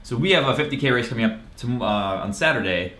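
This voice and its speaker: A man hosts a live running stream, talking fast and firing questions at the people watching. His voice sits in a middle pitch. The room around him rings with echo. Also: lively intonation, bright, forceful tone. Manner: quick, chatty, asks the audience questions. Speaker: host of a running show. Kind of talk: casual live-stream chat. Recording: roomy echo.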